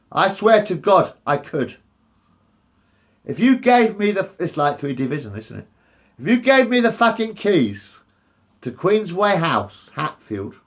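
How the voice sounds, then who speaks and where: A man's voice: sits high, fairly bright tone. A man, ranting angrily and repetitively with lots of swearing. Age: 50s. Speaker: resident facing eviction. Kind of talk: angry rant to camera.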